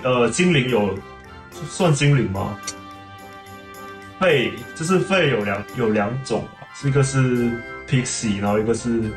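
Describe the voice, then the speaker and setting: Chatty male streamer explaining a game casually; average pitch, echoey room. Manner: chatty, explains at length, laughs often. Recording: roomy room with game music.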